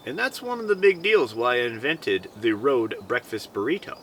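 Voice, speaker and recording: A man's voice: medium pitch, very animated, moderate pace, fairly bright tone. A man talking casually and playfully to viewers while camping outdoors, recorded on a camera mic. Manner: chatty, playful, talks to viewers. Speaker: outdoor vlogger. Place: outdoor campsite in the mountains. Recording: outdoor ambience noise.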